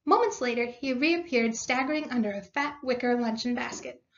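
A woman's voice: a little high, normal speed, highs cut off. A woman teacher reading a story aloud to her class, stopping to explain words and what happens. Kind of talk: read-aloud lesson.

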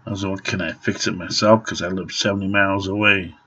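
A man's voice: deep voice, fairly even intonation, quick pace, sharp tone, breathy edge. A middle-aged man ranting and swearing to the camera in an angry home vlog. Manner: profane, ranting, grumbling. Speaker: vlogger. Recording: dull lo-fi home recording.

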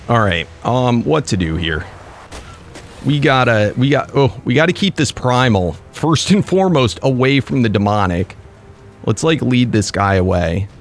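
A young man commentating his own gameplay, excitable and quick to break into frustrated outbursts. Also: medium pitch. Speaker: let's play gamer.

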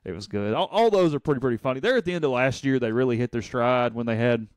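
A man's voice: mid-range voice, expressive, fast talker, dry recording. A man hosting a sports podcast in casual talk, telling a story with chuckles.

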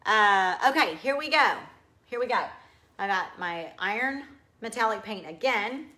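Casting: upbeat Texan woman, bright voice, hosting a live furniture-painting how-to and chatting with viewers. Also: medium pitch, lively intonation, a little slow, poor audio. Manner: chatty and upbeat, talks while working. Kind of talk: live DIY demonstration, reading viewer comments.

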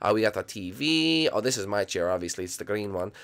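A man's voice: on the low side, animated, fast talker, gravelly, a bit bright, voice pushed down. A man voicing a cheerful cartoon plumber giving a house tour, casual and rambling with lots of fillers. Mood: upbeat. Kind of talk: Minecraft fan role-play video.

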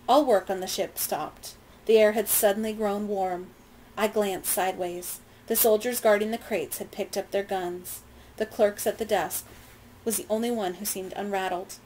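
A woman reads a novel aloud in a measured, plain storytelling voice, now and then stopping to explain. Her pitch sits in the middle range, and a faint background hiss runs under the recording. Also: steady tone, darkish tone, low-quality recording. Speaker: reader. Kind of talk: reading a novel aloud with comments.

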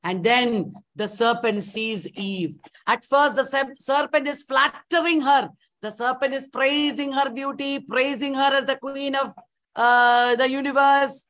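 A woman lecturer teaching an online literature class, retelling a story in an animated way and repeating key points. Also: high-pitched, measured pace.

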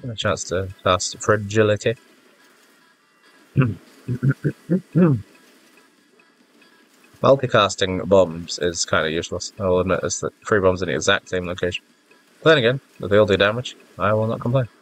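In a deep, congested voice with lively intonation, a man gives casual gameplay commentary at a moderate pace, pausing at length. He's a gaming YouTuber who rambles, teases himself, and flusters easily, with faint game music in the background.

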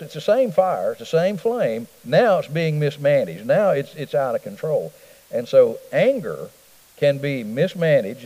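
A man's voice: on the high side, warm tone, long reverb tail, highs cut off. A middle-aged man teaching a church Bible study in a folksy, conversational way, often asking the room questions. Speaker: pastor. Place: church hall.

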